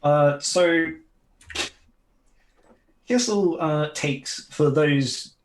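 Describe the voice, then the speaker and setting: A man running an online tabletop game as game master, explaining rules in a relaxed way with chuckles and fillers. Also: fairly high pitch, very slow, slight background noise, low-quality recording.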